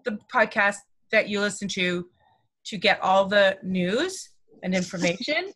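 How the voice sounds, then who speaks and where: Bright-voiced woman podcast co-host. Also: mid-range voice, expressive, a little slow. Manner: playful, teasing, laughs easily. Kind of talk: casual chat.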